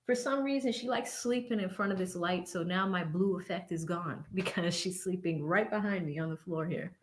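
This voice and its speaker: A woman's voice: lowish voice, moderate pace. A woman hosting a casual livestream from a home studio, chatting, laughing often and thanking viewers by name as she reads their messages. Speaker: livestream host reading superchats. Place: home studio with blue backlight.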